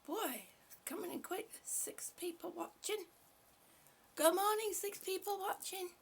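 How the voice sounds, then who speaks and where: A woman hosting a casual live stream, greeting viewers by name, short of breath and breathy, often dropping to a whisper. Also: very high-pitched, unhurried. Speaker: livestream host.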